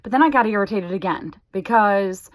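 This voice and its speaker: A woman's voice: medium pitch, normal speed. A woman in her forties talking candidly to the camera, chatty and exasperated. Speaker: vlogger sharing a health update. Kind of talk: casual chat to camera.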